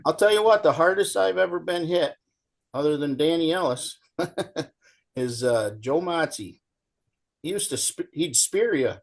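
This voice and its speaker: A man's voice: on the high side, a little slow, creaky, long pauses. Folksy man telling old stories. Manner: folksy, animated storyteller, acts out shouting coach. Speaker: guest. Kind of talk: casual storytelling chat.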